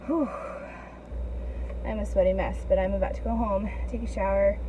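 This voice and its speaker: Upbeat young woman chatting to her handheld cam outside, laughs a lot, mid-pitch voice. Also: background noise. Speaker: vlogger. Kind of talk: casual vlog chat to camera. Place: outdoors on a walk.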